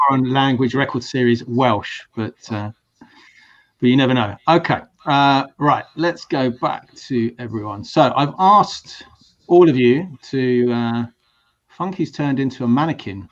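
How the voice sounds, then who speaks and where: A man's voice: mid-range voice, measured pace. A man hosting a casual video-call talk show, chatty and hesitant, often restarting his sentences. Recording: dull lo-fi stream audio.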